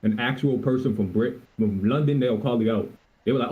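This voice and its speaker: A man's voice: medium pitch, a little fast, warm tone. A man on a live stream panel, talking bluntly in casual chat. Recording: tinny phone-like line.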